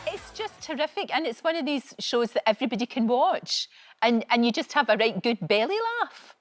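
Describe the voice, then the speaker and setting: A woman's voice: fairly high pitch, lively intonation, moderate pace, faint music behind. A woman hosting a morning TV chat show, encouraging her guest and laughing along. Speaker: talk show host. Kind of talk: morning TV interview.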